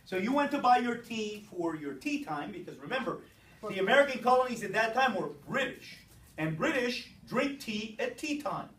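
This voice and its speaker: A teacher giving a brisk classroom lecture, explaining step by step and checking in with the students. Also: medium pitch, expressive, fairly bright tone. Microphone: distant room mic. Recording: echoey classroom from far off.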